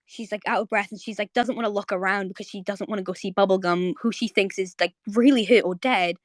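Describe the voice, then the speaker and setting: A woman's voice: mid-range voice, fairly even intonation, no room sound, clean studio sound. Chatty young woman hosting a live audio chat. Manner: chatty and rambling, many fillers and repeats, quick bursts. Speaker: host of a live audio space. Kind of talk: casual live chat to listeners.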